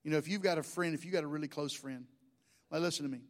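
High-voiced joking pastor. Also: male voice, very fast. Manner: folksy, joking storytelling preacher. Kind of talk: sermon.

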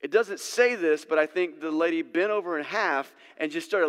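Conversational preacher in a reverberant hall. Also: male voice, fairly high pitch, moderate pace, hardly any pauses, fairly bright tone, clear, resonant tone. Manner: conversational, storytelling, uses asides. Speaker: pastor. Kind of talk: sermon.

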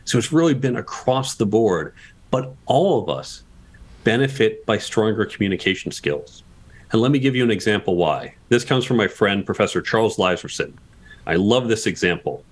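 A man's voice: lowish voice, lively intonation, normal speed. A man guest on a podcast interview, explaining communication tips and asking rhetorical questions as he goes.

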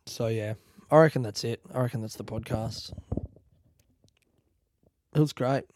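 A man's voice: medium pitch, a little slow, a little mellow, dry recording. A man in his thirties, a podcast host rambling casually through an outro outdoors and swearing now and then. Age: 30s. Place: outdoors under a tree.

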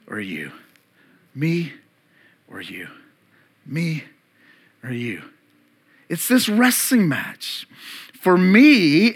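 A man in his thirties preaching a sermon to his church, emphatic, rising loud and high and then dropping soft and low, and calling on the congregation to repeat words. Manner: emphatic, climbs louder and higher, then drops to soft and low. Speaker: pastor.

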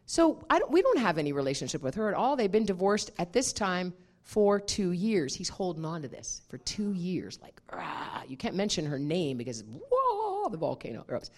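A woman minister preaches a sermon in a lively, storytelling manner. Her pitch swings widely as she acts out the scenes, and she laughs often between lines. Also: fairly quick.

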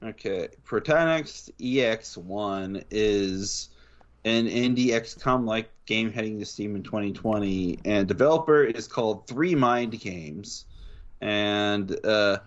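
A man's voice: lowish voice, slow, highs cut off. A man co-hosting a casual gaming news podcast, summing up stories with dry jokes. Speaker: podcast co-host.

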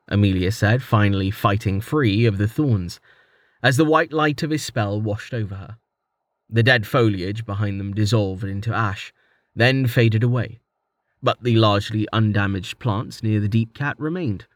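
A man narrating a fantasy story in a steady, even storytelling manner. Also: on the low side, unhurried, dry recording. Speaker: audiobook narrator.

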